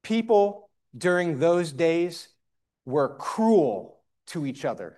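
A man preaching a sermon in short measured phrases, pausing for his interpreter. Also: a little high, very animated, mellow.

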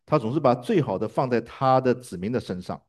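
A man's voice: mid-range voice, animated, fairly quick. A man interpreting a sermon live, hesitating with fillers and restarts.

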